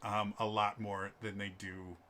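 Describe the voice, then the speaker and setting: A man from Wisconsin running a tabletop game, chatting casually with animated, joking asides. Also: fairly low pitch, a little slow. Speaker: game master. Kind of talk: casual chat.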